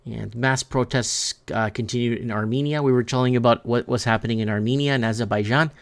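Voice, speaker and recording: Reading through headlines on his talk show, this man, a parent of three, offers casual news commentary that rambles, stresses points hard, and frequently trips over words. He talks fast, with a medium pitch and fairly even intonation.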